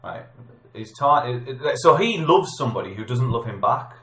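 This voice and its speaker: A man's voice: mid-range voice, big pitch swings, normal speed, sharp tone. A British man hosting a casual film debate podcast, joking and reading out film facts. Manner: jokey, reads film facts off a screen. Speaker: podcast host. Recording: roomy echo.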